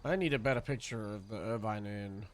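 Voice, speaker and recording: A man's voice: lowish voice, a little fast. A man streaming a role-play game, chatting casually in a rambling, profane way. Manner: laid-back, rambling, profane.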